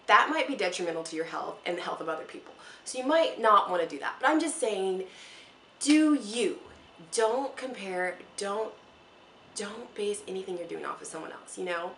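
Young mom vlogger, earnest and rambly, encouraging, mid-pitch voice, roomy echo with faint background hum. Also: female voice, fairly bright tone. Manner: earnest, rambling and encouraging, near tears at times. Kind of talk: casual heartfelt talk to camera. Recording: echoey room with faint ambient noise.

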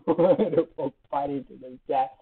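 Excitable gamer guy on a tinny line. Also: on the high side, normal speed, husky. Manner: excitable, shrieks and laughs while playing. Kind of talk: let's play commentary. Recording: tinny phone-like sound.

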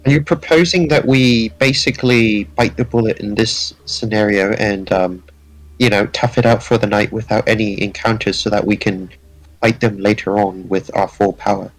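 A man's voice: on the low side, fairly even intonation, normal speed, no room sound, low-quality recording. A man playing a tabletop game, chatting casually and rambling a little.

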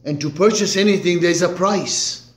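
A male pastor preaching a sermon slowly and emphatically, swinging between loud declarations and hushed, soft phrases. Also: high voice. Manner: slow, emphatic preaching with dramatic swings in loudness. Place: church sanctuary. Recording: echoey church room.

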